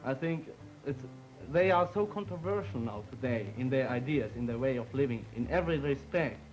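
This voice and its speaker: A young man from Switzerland with a Swiss German accent, a student panelist in a 1950s discussion, talking in animated, halting English, laughing and arguing his point. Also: mid-range voice, faint music behind, rough recording.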